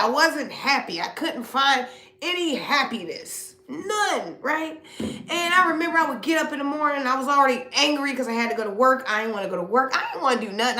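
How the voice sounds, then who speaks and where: Blunt, bright-voiced woman giving a spiritual reading. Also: high-pitched, reverberant. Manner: blunt, preachy, uses slang and swears. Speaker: spiritual reader. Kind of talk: casual spiritual reading to viewers.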